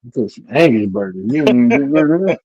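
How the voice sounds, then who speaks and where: A man's voice: mid-range voice, animated, fast, dark tone, husky, dry recording, muffled recording. A man hosting a casual livestream chat, talking bluntly and profanely with a lot of "bro" and a Black style. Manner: blunt, profane trash talk, repeatedly says bro. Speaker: livestream host.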